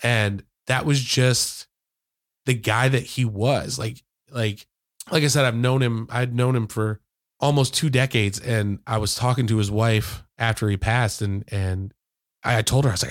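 A man's voice: medium pitch, steady tone, a little slow, no room sound. A man in his thirties co-hosting a podcast, talking in a heartfelt, rambling way with many fillers and restarts, close to tears. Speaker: podcast co-host and editor. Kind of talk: casual podcast conversation. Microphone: headphones and studio microphone.

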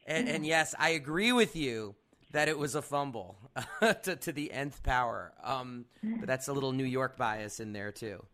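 A man's voice: mid-range voice, lively intonation, normal speed, bright, forceful tone. A man hosting a casual interview, asking friendly, rambling questions. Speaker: podcast host.

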